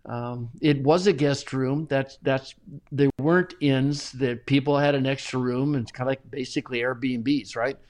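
A middle-aged man talking as a guest in a casual interview, animated and often chuckling, with frequent restarts. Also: mid-range voice, normal speed. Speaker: Bible translator guest.

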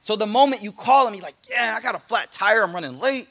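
A man's voice: high voice, fast, gravelly. A man, likely in his late twenties or thirties, giving a casual motivational talk to an audience, telling funny stories and acting out other people's voices. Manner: animated storytelling with jokes and quoted voices.

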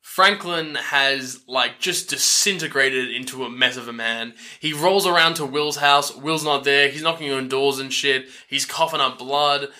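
A man's voice: medium pitch, a little slow, few pauses, pushed and bright. A man co-hosting a casual movie podcast, recapping scenes in a laid-back, crude way with frequent chuckles. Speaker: podcast co-host.

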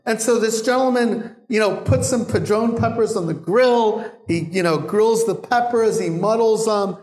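A middle-aged man, a guest bartender, telling animated stories in a live Q&A and laughing often. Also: high voice, moderate pace. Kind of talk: live Q&A storytelling. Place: bar venue with audience. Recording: echoey live venue.

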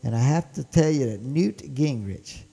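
A man's voice: mid-range voice, lively intonation, normal speed, gravelly, dark tone, breathy edge, in a large hall. A man with a Mississippi accent hosting a show and talking politics with emphatic enthusiasm. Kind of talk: political commentary.

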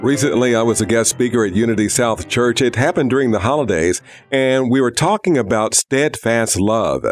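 A man introducing a segment of a program in a measured, scripted announcer delivery. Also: medium pitch. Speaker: radio program host. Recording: voice over loud music.

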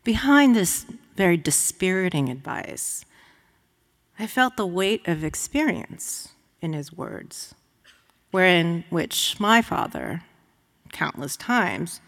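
Low-voiced woman author reading in a hall. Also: sing-song, gravelly. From United States. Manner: measured, reflective reading. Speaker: author reading her work. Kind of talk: reading aloud at a public lecture. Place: lecture hall. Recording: long reverb of a lecture hall.

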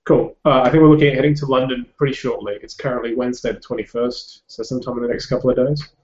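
A man's voice: medium pitch, fairly even intonation, quick pace, a little mellow. A man playing in an online tabletop game, thinking aloud hesitantly with many ums, heard over dull lo-fi voice chat. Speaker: player.

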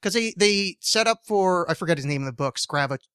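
A man hosting a podcast in casual chat, quick and emphatic, swearing often. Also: sits high, animated, fairly bright tone, clean tone, no echo, clean studio sound. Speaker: podcast host.

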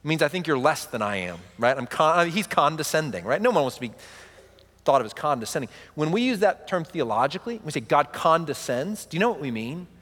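A man's voice: on the high side, very animated, fairly quick, fairly bright tone, in a large hall. A man in his thirties preaching a sermon, with a conversational delivery full of "right?" asides. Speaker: pastor.

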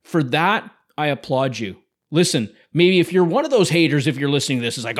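A man's voice: fairly high pitch, expressive, fairly quick. A man hosting a podcast, giving a blunt motivational pep talk full of swearing. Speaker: podcast host. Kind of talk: motivational monologue.

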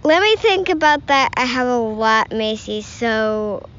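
A woman co-hosting a podcast, chatting casually and softly outdoors in a park. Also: a little high, lively intonation, a little slow. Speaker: podcast co-host. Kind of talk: casual chat. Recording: dull lo-fi recording, faint noise.

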